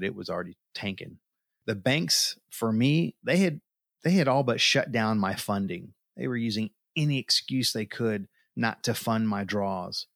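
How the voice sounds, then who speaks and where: A man's voice: on the low side, vocal fry, a bit bright, no room sound, clean studio sound. A middle-aged man telling a personal story in an earnest, emotional way, often repeating words as he goes. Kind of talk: personal testimony.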